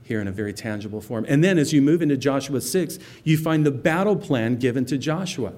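The speaker is a pastor, male with a medium pitch and a fairly quick pace, walking verse by verse through a Bible text. Conversational and relaxed, he clarifies word meanings and delivers scripture quotes with feeling.

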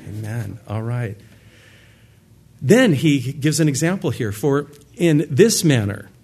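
Husky-voiced man preaching a sermon. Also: mid-range voice, lively intonation, slow pace, a little mellow. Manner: earnest, emphatic preaching with repeated words. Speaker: pastor. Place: church sanctuary with a live congregation.

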